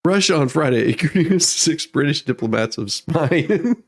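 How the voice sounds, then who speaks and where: A man's voice: fairly high pitch, expressive, measured pace. Giggling man reading the news. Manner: giggly, keeps breaking into laughter while reading. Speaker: host. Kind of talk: comedic news commentary.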